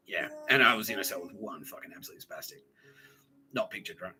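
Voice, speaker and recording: A man's voice: on the low side, animated, fast talker, pushed and bright, poor audio. A man telling a rambling personal story, laughing often, swearing freely and acting out quotes. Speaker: podcast host.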